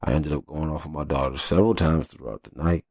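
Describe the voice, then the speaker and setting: A man's voice: rumbling low, fast talker, a little mellow, no room sound, clean studio sound. A man hosting his own podcast, telling stories in a loose, profane, chatty way and often asking "you know what I'm saying". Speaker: podcast host. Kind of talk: casual storytelling monologue.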